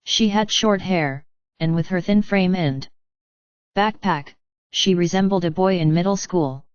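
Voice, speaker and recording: A woman narrating an audiobook in a measured, even storytelling read. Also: lowish voice, clean tone, dry recording, highs cut off. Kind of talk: scripted narration.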